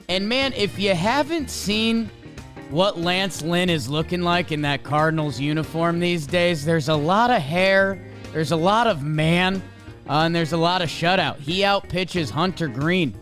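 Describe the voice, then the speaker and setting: A man co-hosting a baseball podcast, giving a jokey, excitable recap of the week's games. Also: a little high. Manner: jokey, excitable, playful asides. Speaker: podcast co-host.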